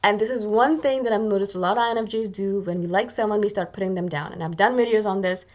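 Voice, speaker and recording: A woman's voice: mid-range voice, fast talker, a little mellow. A woman hosts her own video channel, chatting casually into the camera in a mid-range voice. She pokes fun at herself as she goes and slips into little acted-out asides. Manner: chatty and self-deprecating, acts out little quoted asides. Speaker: YouTube channel host. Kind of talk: casual talking-to-camera vlog.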